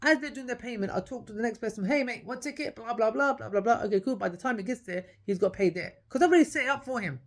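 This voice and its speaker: A woman's voice: a little high, fast, few pauses. A woman, telling her own story in a casual podcast monologue. She talks emphatically, repeats her key points, and acts out the dialogue.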